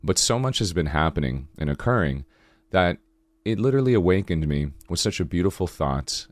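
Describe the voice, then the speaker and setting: A man hosting a podcast, giving a slow, earnest spiritual monologue in a low, sultry morning voice. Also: lively intonation, no room sound. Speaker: podcast host.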